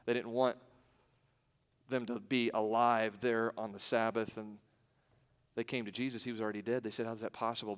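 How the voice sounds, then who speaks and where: A pastor preaching a morning sermon with dramatic swings between loud emphasis and hushed, slow passages. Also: male voice, fairly low pitch, flat delivery, clean tone, in a large hall.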